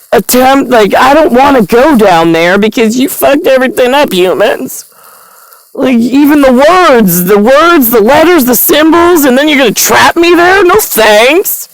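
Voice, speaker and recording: A woman's voice: a little high, no room sound, poor audio. A woman delivering a rambling, angry, profane monologue to the camera.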